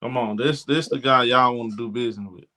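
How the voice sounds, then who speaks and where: A man's voice: medium pitch, brisk, pushed and bright. A man hosting a sports talk show, giving blunt, indignant commentary and often repeating himself.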